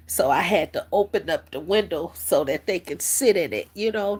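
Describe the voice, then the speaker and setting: A woman's voice: fairly low pitch, creaky, husky. A woman hosting a spiritual livestream, teary and preacherly, talking straight to her viewers. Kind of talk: casual spiritual livestream talk.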